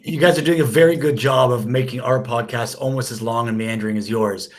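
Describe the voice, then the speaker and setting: A man's voice: mid-range voice, steady tone, fairly quick. A man hosting a podcast, chiming in with wry jokes. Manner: wry, joking interjections. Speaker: podcast host. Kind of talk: casual chat.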